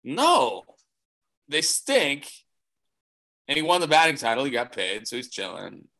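A man's voice: mid-range voice, huge pitch swings, measured pace, pushed and bright. A young man co-hosting a podcast, chatting casually about baseball in a loose, slangy, rambling way. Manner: loose, rambling, slangy delivery with "bro" and "dude". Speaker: podcast co-host.

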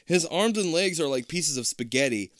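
A man reading a storybook aloud in a casual, animated way, tossing in jokey asides. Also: a little high, moderate pace, no room sound, studio quality. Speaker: reader.

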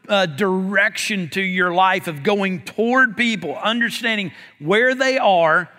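A man delivers a sermon in a relaxed, conversational way, often tossing in "man" as he talks to the congregation. His voice is high-pitched and bright. It rings out in a hall with a long reverb. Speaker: pastor.

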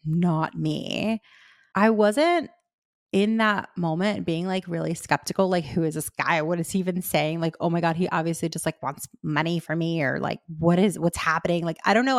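A woman's voice: medium pitch, vocal fry, no room sound, clean studio sound. A young adult woman hosting a podcast, telling a personal story in a casual, chatty way, with lots of "like" and a candid, open tone. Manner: chatty, heavy use of "like", candid and emotional. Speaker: podcast host.

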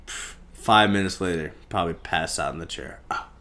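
A young man hosting a podcast, telling a story in a casual, profane, animated way and acting out the scenes. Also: low-pitched, moderate pace. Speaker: podcast host.

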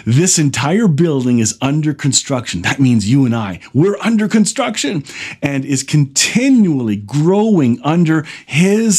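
A man preaching, reading scripture verses slowly and then explaining them with growing excitement. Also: mid-range voice, husky. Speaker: pastor. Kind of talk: sermon.

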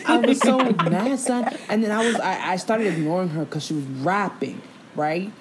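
A young woman hosting a casual podcast, telling animated, profane stories and laughing through them. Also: lowish voice, normal speed, a loud crowd. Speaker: podcast host. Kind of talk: casual storytelling chat.

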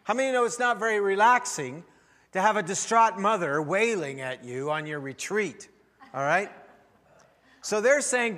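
A man preaching a sermon as pastor, telling a story with wry humor and swings in loudness. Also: sits high, expressive, moderate pace. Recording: long hall reverb.

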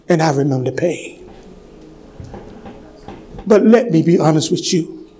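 High-voiced pastor preaching fervently. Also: male voice, animated, slight background noise, rough recording. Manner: swings from hushed, slow storytelling to loud, fervent preaching. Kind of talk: sermon. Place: church sanctuary.

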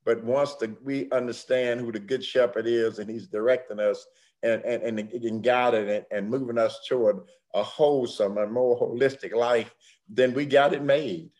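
An older man preaching a sermon, swinging dramatically from hushed, slow passages to loud ones. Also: medium pitch, steady tone. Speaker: pastor.

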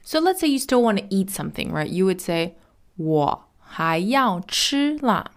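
A woman teaching Mandarin in a lesson podcast, explaining chatty and repeating words slowly and clearly. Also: mid-range voice, sing-song.

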